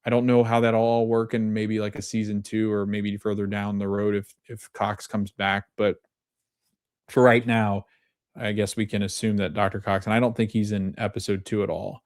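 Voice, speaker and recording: A man's voice: lowish voice, little pitch movement, normal speed, a little mellow, dry recording, studio quality. A man hosting a podcast, retelling scenes in casual chat, reading quoted lines and often correcting himself. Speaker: podcast host.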